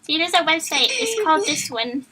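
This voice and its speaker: A woman's voice: very high voice, animated, moderate pace, bright, forceful tone, slight background noise, low-quality recording. A woman streamer reading a book aloud to friends, playful and chatty, stumbling and going off on tangents. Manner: playful, chatty, loses her place in the text. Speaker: streamer, reader.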